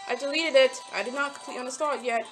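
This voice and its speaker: A young woman chats loosely over her phone games in a slightly high voice. She rambles, talks straight to the characters and grumbles when things go wrong. Faint game music plays behind her. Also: rapid-fire. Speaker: mobile game channel host. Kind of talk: casual gameplay commentary.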